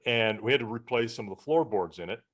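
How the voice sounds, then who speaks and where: A man's voice: fairly low pitch, fast. A man co-hosting a podcast who tells stories in casual chat and acts out the back-and-forth of what people said. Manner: animated storyteller, acts out quoted exchanges. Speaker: podcast co-host.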